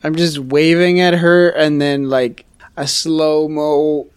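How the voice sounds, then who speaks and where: Male player, slightly high voice, slow, jokey descriptions. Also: steady tone, clean tone. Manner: joking, descriptive. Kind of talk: casual tabletop role-play.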